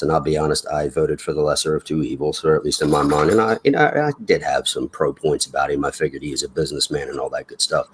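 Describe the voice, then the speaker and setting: A man's voice: extremely low pitch, a little mellow, husky. A middle-aged man, chatting casually in a rambling, folksy way and chuckling between remarks. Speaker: chat participant. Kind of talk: casual chat.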